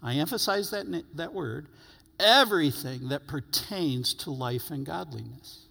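A man preaching a sermon as pastor, earnest, stretching key words and letting phrases fall to quiet endings. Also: on the high side, animated, a little slow, creaky. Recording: long hall reverb.

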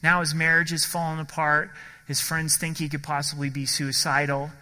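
A man preaching a sermon in earnest, slowing and dropping his voice when he reads scripture. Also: fairly high pitch, level tone, bright, forceful tone, in a large hall. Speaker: pastor.

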